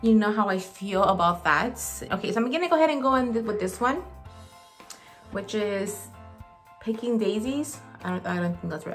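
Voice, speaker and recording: Woman, beauty vlogger, gushing casual chat, gravelly morning voice, faint music behind. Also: medium pitch. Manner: chatty, gushing, talks while applying makeup. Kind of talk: casual makeup tutorial chat. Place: home makeup room.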